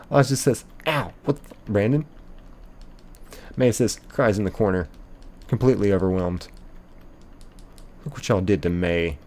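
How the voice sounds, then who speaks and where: A man's voice: fairly low pitch, normal speed, pauses often, a little mellow. A young man, live-streaming a game and playfully reading viewer chat aloud, laughing often.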